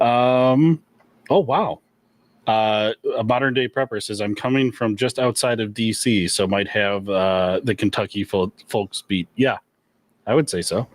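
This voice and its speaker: A man's voice: fairly low pitch, measured pace, no echo. A man hosting a gun shop livestream, reading viewer questions in a laid-back, chuckling way with lots of fillers.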